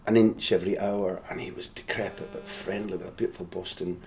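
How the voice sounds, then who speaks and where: A man hosting a podcast, chatting and reminiscing in a relaxed interview. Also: low-pitched, a little fast, gravelly, slight background noise. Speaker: podcast host. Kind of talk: casual interview.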